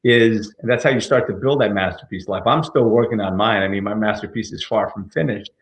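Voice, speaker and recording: A man's voice: lowish voice, a little fast, reverberant. A man hosting a casual livestream interview, speaking in an upbeat, motivational way and often repeating words. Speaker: podcast host.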